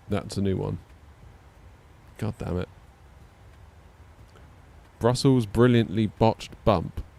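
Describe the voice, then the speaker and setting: A man with a deep, darkish voice and vocal fry rambles casually on his flight sim live stream. He hesitates a lot, using many fillers and self-deprecating laughs.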